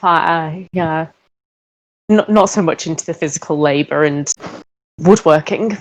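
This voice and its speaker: A woman with a fairly low voice speaks as a player in a tabletop fantasy game. She hedges and softens her lines with fillers, easygoing and unhurried. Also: rough recording. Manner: tentative, hedging. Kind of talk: tabletop role-play chat.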